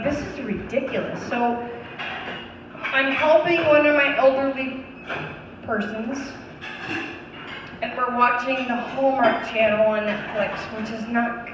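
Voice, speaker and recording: A young woman doing a stand-up set with a fairly high voice, animated and swearing freely as she talks to the crowd. Her voice bounces around a big echoey room with a long tail, heard from a distance. The sound is a little dull and lo-fi. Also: noisy background. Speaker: stand-up comedian. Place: comedy venue. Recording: echoey club mic heard from far off.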